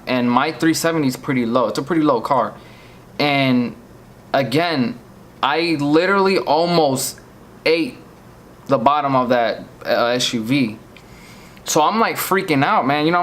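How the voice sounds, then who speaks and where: A man's voice: medium pitch, fairly bright tone. A man from Virginia recounts a near crash in a vlog, shaken and earnest, often repeating himself as he pleads with viewers. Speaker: vlogger.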